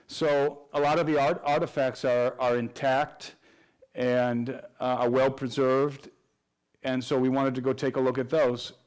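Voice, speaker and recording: Man explaining in a flat, even tone. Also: medium pitch, unhurried, clear, resonant tone. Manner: earnest, explanatory, frequent restarts and fillers. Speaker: guest researcher. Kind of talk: interview answers.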